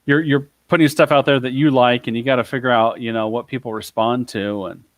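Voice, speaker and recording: A mid-pitched man hosts a relaxed interview, asking questions with easy curiosity. His voice sounds dry and close, with no room around it. He works his thoughts out as he goes. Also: fairly quick, dry recording. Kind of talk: casual interview chat.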